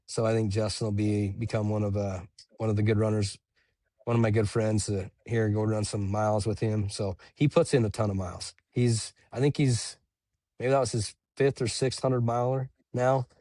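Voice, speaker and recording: A young man telling race stories in relaxed casual chat, dropping "dude" and "bro" as he goes. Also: fairly low pitch, moderate pace, no echo. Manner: laid-back, says "dude" and "bro" a lot. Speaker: podcast guest, ultramarathon runner.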